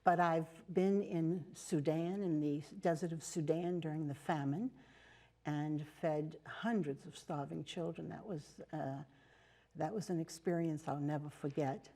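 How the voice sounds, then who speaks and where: An older American woman speaks in a lowish, mellow voice. She tells her stories unhurriedly in a TV interview, with fillers and restarts. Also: fairly even intonation, measured pace. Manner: warm storytelling with fillers and restarts. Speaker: interview guest, nun and teacher. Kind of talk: casual interview talk. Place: TV studio.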